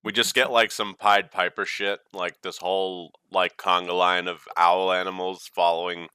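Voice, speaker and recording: A man's voice: low-pitched, flat delivery, normal speed, pushed and bright, clear, resonant tone, no room sound. A man playing in a tabletop game, joking and laughing often in casual chat. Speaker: player.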